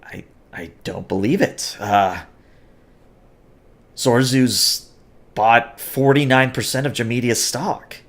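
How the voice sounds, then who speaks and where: A man's voice: mid-range voice, slow, pauses often. A man voicing an indignant alien woman leader who demands answers and stammers when shaken. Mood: stunned. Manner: demanding, then stammering in disbelief.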